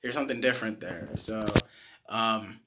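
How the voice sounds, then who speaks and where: A man's voice: fairly low pitch, normal speed, noisy background. A young man giving a casual, self-taught vocal lesson, rambling with many fillers and restarts and swearing freely. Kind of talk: casual tutorial monologue.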